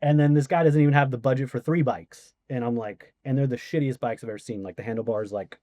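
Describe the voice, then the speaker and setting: Guest man, casual storyteller, mid-range voice, dry close recording, lively quoted asides. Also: medium pitch, quick pace, no room sound, lo-fi sound. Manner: animated retelling with quoted voices and swearing. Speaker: podcast guest.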